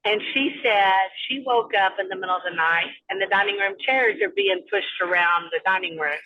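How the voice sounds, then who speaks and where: Woman, caller, ghost story, dull phone line, lively retelling. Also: mid-range voice, normal speed. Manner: storytelling, acts out quoted voices.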